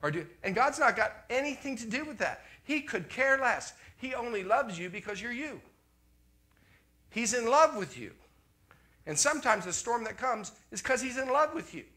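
Animated preaching man, bright and forceful. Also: extremely high pitch, normal speed. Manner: animated, swings from loud exclamations to quiet asides. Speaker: pastor. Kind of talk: sermon.

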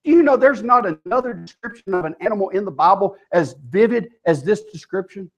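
High-voiced emphatic male preacher. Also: expressive, fairly quick, highs cut off. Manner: emphatic, rhetorical questions to the congregation. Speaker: pastor. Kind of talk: sermon. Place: church.

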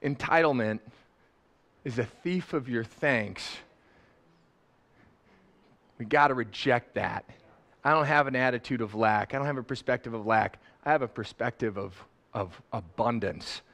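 A middle-aged man preaching a sermon, lively and laughing, rising loud and dropping soft. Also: medium pitch, measured pace, long pauses. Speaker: pastor. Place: church sanctuary.

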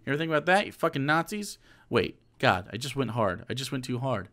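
A man's voice: mid-range voice, sing-song, fast talker, a bit bright. A man streaming live, reacting to a clip in a sarcastic, profane rant.

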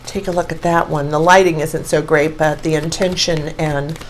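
A woman's voice: low voice, normal speed, slight background noise, low-quality recording. Gushing woman in her sixties reading tarot. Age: 60s. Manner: gushing, excitable, exclaims over cards. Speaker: tarot reader. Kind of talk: casual tarot reading to camera.

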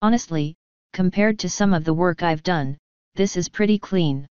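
A woman gives voice to a tough female griffon mercenary, blunt and matter-of-fact about her work. Her voice sits low and stays very smooth. It is recorded dry with a slightly dull sound. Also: normal speed, a little mellow, dry recording, lightly acted. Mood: offhand. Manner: blunt, offhand.

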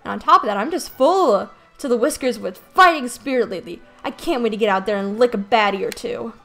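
A woman's voice: a little high, brisk, creaky, fairly bright tone. A woman voicing a plucky, brave cat volunteer in a game, eager and spirited, over faint game music.

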